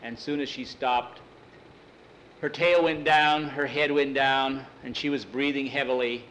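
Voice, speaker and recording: A man telling a story aloud in a folksy, unhurried way, repeating "he says" between lines. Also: medium pitch, fairly even intonation, a bit bright, slight background noise, low-quality recording. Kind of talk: oral storytelling.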